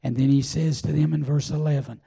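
An older man preaching a sermon, telling a personal testimony in a folksy, drawn-out way. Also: fairly high pitch, fairly even intonation, gravelly, dark tone, breathy edge. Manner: folksy storytelling, drawn-out pauses. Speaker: pastor.

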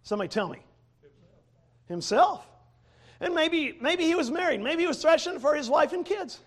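A man preaching a sermon, a former pastor, who swings from loud to quiet and laughs between points. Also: very high-pitched, expressive, normal speed.

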